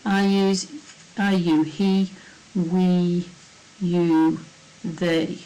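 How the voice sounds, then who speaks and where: A woman's voice: lowish voice, flat delivery, drawn-out words, long pauses, mellow, rough recording. A woman French teacher, going over test answers in a recorded lesson and breaking each sentence into small steps. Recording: faint hiss.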